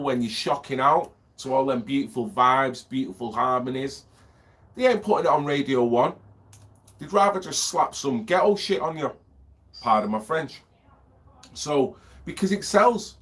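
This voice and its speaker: A man's voice: mid-range voice, fairly bright tone. A man, a vlogger with a lingering cough, rambling and ranting, swearing freely and asking if you know what he means. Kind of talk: rambling monologue.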